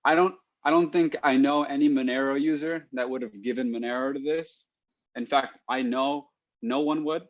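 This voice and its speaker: A man in casual conversation as a podcast guest, thinking aloud and restarting his sentences with repeated words. His voice sits at a middle pitch, and the sound is dry and muffled, with a lo-fi quality. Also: steady tone, normal speed, dry recording. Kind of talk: casual chat.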